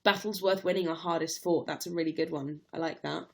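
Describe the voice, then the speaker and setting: Young girl chatting on her livestream, bit lower voice, reads comments, laughs a lot. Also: fairly even intonation, brisk, creaky. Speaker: livestream host. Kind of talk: casual livestream chat.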